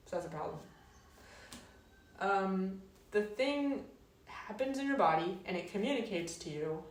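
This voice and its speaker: A woman talking through ideas in a reflective, casual monologue, unhurried and searching, drawing out words and trailing off softly. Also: distant mic. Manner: unhurried, searching, drawn-out phrasing with soft trailing lows. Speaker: wellness host. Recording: roomy, mic set back.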